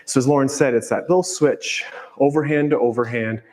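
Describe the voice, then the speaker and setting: Man fitness coach, calm, explanatory cues, mid-pitched voice, echoey hall. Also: fairly quick, slight background noise. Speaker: fitness instructor. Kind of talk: follow-along workout coaching.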